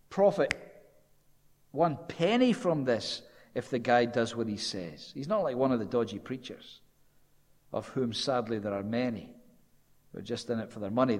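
Man preaching in a reverberant hall. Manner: animated storytelling, dropping low and quiet for quoted speech. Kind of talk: sermon.

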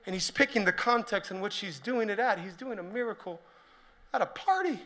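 Man, pastor, lively sermon, high voice, bright and cutting tone. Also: fairly quick. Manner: energetic, joking, rising to shouted emphasis.

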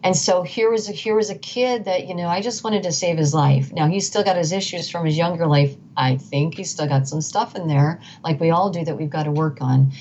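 A woman's voice: fairly low pitch, a little fast, hardly any pauses, darkish tone. A middle-aged woman, a guest, telling her story earnestly and emphatically, often restarting and repeating phrases. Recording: dull lo-fi sound with faint noise.

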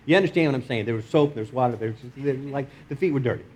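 A middle-aged pastor with a Texas accent, preaching a sermon in an animated way, swinging between loud emphasis and soft asides and chuckling often. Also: male voice, medium pitch, very fast. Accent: Texan.

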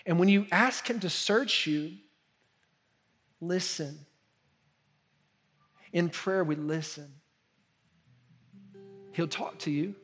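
Male pastor, sermon, earnest and conversational, fairly high voice, hushed intensity. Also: breathy edge.

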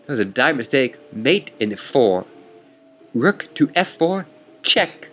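A man's voice: medium pitch, very animated, slow pace, a bit bright, full character voice. A man voicing a smug male chess player who taunts his opponent in a theatrical, condescending manner.

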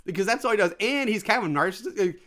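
A man with a somewhat high voice tears into a low-budget film in casual podcast chat. He rambles, starts over often and swears without holding back. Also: expressive, rapid-fire, bright, forceful tone. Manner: rambling, full of "like", mocking, profane. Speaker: podcast co-host. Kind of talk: casual movie review chat.

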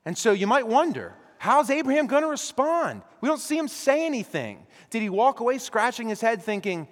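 A male pastor preaching a sermon, impassioned, swinging between loud urgency and hushed storytelling in a church sanctuary. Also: extremely high pitch, very animated, moderate pace, few pauses. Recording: long reverb of a large hall.

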